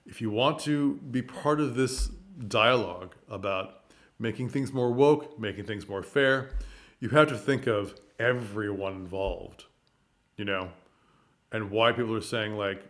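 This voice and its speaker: A man's voice: fairly low pitch, unhurried. Man talking through his views on theater. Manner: animated, tripping over words, with rhetorical questions. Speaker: theater commentator. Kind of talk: casual monologue commentary.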